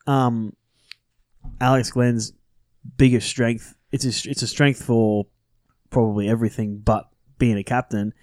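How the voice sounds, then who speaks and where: A man's voice: medium pitch, little pitch movement, a little slow, pauses often, darkish tone, no room sound, clean studio sound. A man co-hosting a casual sports podcast, rambling and swearing freely between fillers. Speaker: podcast co-host.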